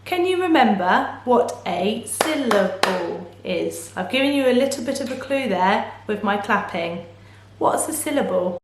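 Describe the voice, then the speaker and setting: Slow, sing-song woman teaching phonics. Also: mid-range voice, expressive, reverberant, a little hiss or hum. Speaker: primary school teacher. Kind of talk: phonics lesson to young children.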